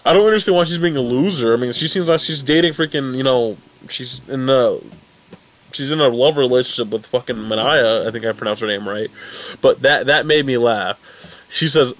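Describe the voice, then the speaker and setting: A young man casually recapping and reacting to a webcomic update, rambling and excitable with many restarts. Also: mid-range voice, moderate pace. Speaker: fan recap vlogger.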